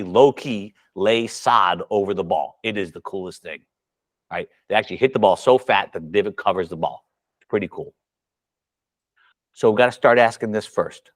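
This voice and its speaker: A man coaching golf at a seminar for fellow coaches, talking casually and acting out dialogue with his students. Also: lowish voice. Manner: animated storyteller acting out dialogue.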